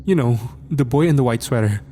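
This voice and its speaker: A man's voice: medium pitch, expressive, a little fast, mellow, a little hiss or hum, voice pushed up, lightly acted. A man voicing a frightened teenage boy who stutters and pleads, in a spoken horror story. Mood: pleading.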